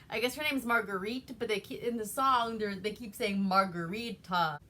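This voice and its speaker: With a sharp tone and mid-range pitch at ordinary speed, a woman from Alaska casually runs through an old movie, cursing freely, laughing, and rambling as a movie reviewer.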